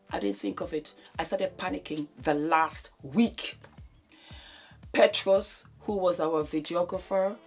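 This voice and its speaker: A woman in her fifties giving an emotional speech, effusive and repeating her thanks over and over. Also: on the low side. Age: 50s. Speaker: beauty vlogger giving a thank-you speech.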